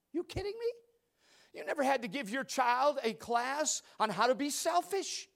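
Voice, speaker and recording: Middle-aged man, pastor, high, lively sermon voice, big loud-to-hushed swings. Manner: animated storytelling with loud outbursts and hushed asides.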